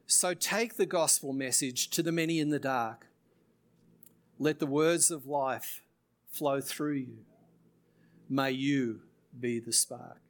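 A male pastor closing his sermon, reciting a rhyming poem slowly and earnestly, then leading a prayer. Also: a little high.

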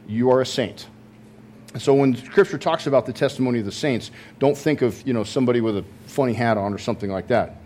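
Man, preacher, sermon, conversational, many fillers and restarts, mid pitch, faint background noise. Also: a little mellow. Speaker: pastor.

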